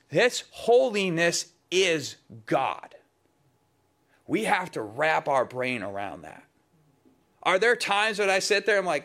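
Preacher guy, casual but emphatic sermon, bright forceful voice a bit on the high side. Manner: conversational, emphatic, drops suddenly to soft lows.

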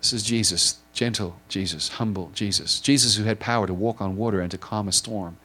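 A man with a somewhat low voice preaches in a loose, conversational way. He stumbles, restarts and strings clauses together with repeated "and"s, earnest and heartfelt as he retells the story. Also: sharp tone. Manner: halting, many repeated ands and restarts; earnest and emotional. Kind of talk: informal sermon retelling a story.

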